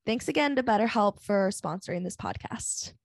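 A woman reads a sponsor spot for her podcast in an upbeat, persuasive tone. Her voice sits at a middle pitch, and the recording is dry and close. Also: animated, normal speed, no room sound. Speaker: podcast host reading a sponsor ad. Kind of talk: read ad.

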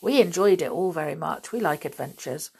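A woman voicing a polite, quietly mysterious teenage boy in a storybook reading. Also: deep voice, lively intonation, a little fast, creaky, slightly rough, heavily acted.

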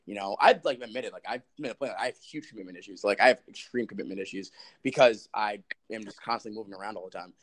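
A man's voice: on the low side, quick pace, fairly bright tone. A man in his twenties co-hosting a podcast, rambling and joking, filling his talk with "like". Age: 20s. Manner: rambling, lots of "like", jokey, laughs often. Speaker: podcast co-host. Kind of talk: casual podcast chat.

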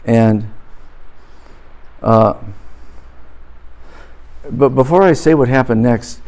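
A man's voice: mid-range voice, drawn-out words, a little mellow. A middle-aged man, a pastor, preaching a sermon before a live audience, telling a humorous story with comic exaggeration and then moving into a blessing.

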